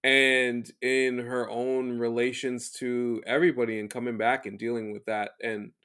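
A man's voice: medium pitch, flat delivery, moderate pace, fairly bright tone, clean tone. A man co-hosting a podcast in casual chat, easygoing and prone to digressions. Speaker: podcast co-host.

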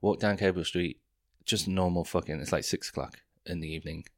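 Low-voiced, profane rambling man. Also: steady tone, brisk, no room sound, clean studio sound. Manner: profane, self-mocking, rambling with tangents. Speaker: podcast host. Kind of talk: rambling comic monologue. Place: London.

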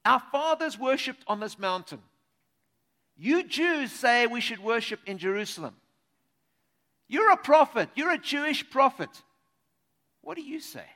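Guy preaching and doing a wary woman, stammery and guarded, bright high voice. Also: sing-song, unhurried, long pauses, big-room sound, heavily acted. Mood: challenging. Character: skeptical wary woman at a well.

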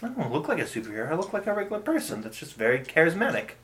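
A man's voice: a little high, rapid-fire, slight background noise. A man playing a tabletop game, joking around and musing aloud about his character's plans. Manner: animated, joking, sometimes trails off tiredly. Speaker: player. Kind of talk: casual play banter.

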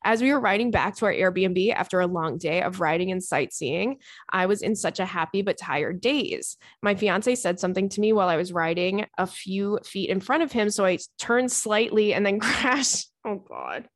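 A woman's voice: mid-range voice, normal speed, dry recording, clean studio sound. A young woman hosting a podcast in casual chat, reading out listener stories with giggly, playful asides. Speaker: podcast host.

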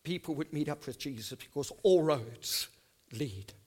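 A man in his fifties preaching a sermon to his church, reading scripture slowly and emphatically, then dropping his voice to soft asides. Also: fairly high pitch, animated, breathy edge. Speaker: pastor. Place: church service.

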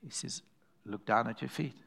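A preacher with a gravelly, slightly rough medium-pitched voice delivers a sermon at a moderate pace. He weaves in stories, addresses the congregation directly, and animatedly performs the voices of the people he quotes.

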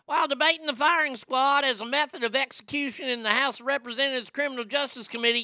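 A man's voice: very high voice, expressive, fast talker, hardly any pauses, bright, forceful tone, no echo. A man hosting a talk show, giving casual news commentary that rambles and stammers, with crude joking asides.

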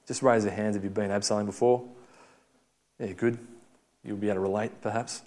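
A man's voice: lowish voice, fairly even intonation, fairly quick, a little mellow. A young man preaching a sermon, telling a story in a conversational way and acting out the quotes.

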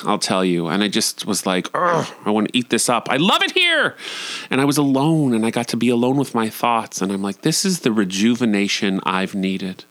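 A man telling a comic, confessional story about his own family life, switching into high voices when he quotes himself. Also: no echo. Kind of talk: personal storytelling monologue.

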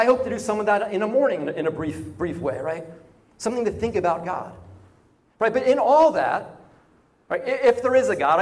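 A man preaches in a loose, conversational way, tossing in "right?" and restarting his phrases. His voice sits notably high for a man. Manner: conversational, frequent "right?" and repeated words. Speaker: pastor. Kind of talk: sermon.

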